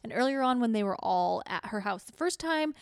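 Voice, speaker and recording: A woman's voice: on the high side, expressive, a little fast, clear, resonant tone, no echo, clean studio sound. A young woman co-hosting a podcast, chatting casually and laughing as she recaps a movie and puts on voices for the characters. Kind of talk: casual chat.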